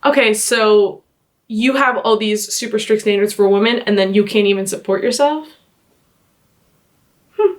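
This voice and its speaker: A young woman vlogger reading posts aloud and reacting in an exasperated, animated way, full of "like" fillers. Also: mid-range voice, a little slow, long pauses.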